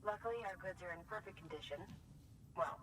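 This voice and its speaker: A woman's voice: mid-range voice, fast, fairly bright tone, slightly rough, poor audio. A woman voicing a composed video game character who speaks as a live hologram, played from the game. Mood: dry.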